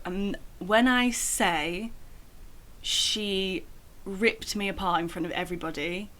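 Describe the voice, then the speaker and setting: A woman's voice: mid-range voice, slow pace, fairly bright tone, slight background noise. A young woman telling a personal story in a casual vlog, chatty and full of "like" fillers. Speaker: vlogger.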